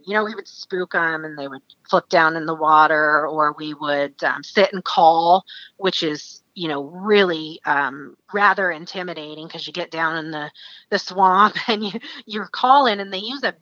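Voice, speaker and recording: A woman from Alaska, a guest, telling a story in a casual, animated way with many fillers and frequent laughter. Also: low-pitched, a little slow, no room sound, dull audio.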